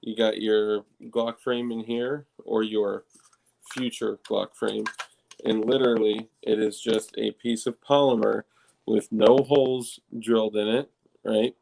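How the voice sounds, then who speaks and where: Gravelly low-voiced guy rambling. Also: fairly even intonation, measured pace, a little mellow, a little hiss or hum, low-quality recording. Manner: rambling, heavy swearing, many restarts. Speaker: podcast co-host. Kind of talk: casual chat.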